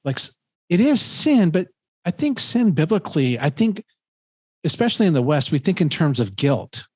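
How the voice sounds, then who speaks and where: A man's voice: a little high, very animated, moderate pace, husky, no room sound. A man in his fifties, a professor, telling a story in casual conversation, earnest and rambling with lots of fillers and restarts. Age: 50s. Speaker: professor and podcast host.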